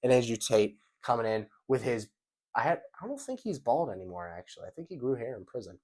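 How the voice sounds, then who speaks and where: A man's voice: medium pitch, very animated, fast talker, a little mellow. A young man rambling through a casual vlog commentary, repeating himself and swearing loosely. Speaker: vlogger.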